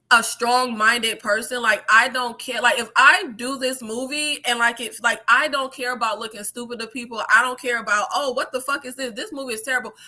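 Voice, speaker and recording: A woman in her thirties chatting casually on a livestream in an animated way, swearing freely, laughing and using many fillers. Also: fairly high pitch. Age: 30s. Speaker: YouTube creator.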